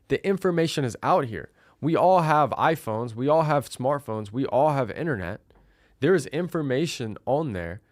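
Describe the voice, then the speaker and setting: A man's voice: medium pitch, no echo, clean studio sound. A man hosting a solo podcast, telling a story in a direct, emphatic way. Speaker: podcast host.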